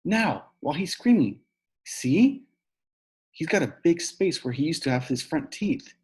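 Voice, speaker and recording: A man's voice: a little high, big pitch swings, measured pace, darkish tone, husky, voice pushed up, full character voice. Man doing an eager, blurting schoolboy. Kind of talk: audiobook reading aloud.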